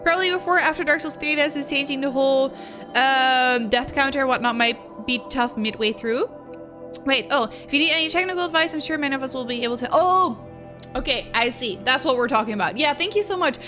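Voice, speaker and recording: Reading her chat a little fast in a high-pitched voice, a woman streaming live chats casually with viewers, giggling often between lines and gushing thanks. Music plays in the background.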